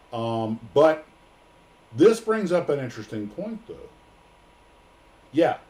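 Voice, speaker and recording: A man's voice: mid-range voice, dark tone. An American man hosting a casual livestream, joking and rambling with plenty of fillers. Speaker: livestream host.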